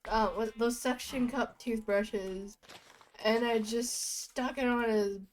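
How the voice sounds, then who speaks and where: Young woman streamer rambling slow and goofy, faint hiss behind. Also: on the high side, steady tone, rough recording. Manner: chatty, goofy storytelling with bursts of laughter. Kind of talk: rambling casual chat while gaming.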